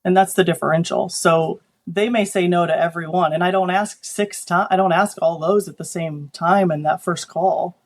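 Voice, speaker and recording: A woman photographer, a guest on an interview show, telling animated stories about client work and acting out the people she quotes. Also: fairly low pitch, moderate pace, hardly any pauses. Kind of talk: conversational interview.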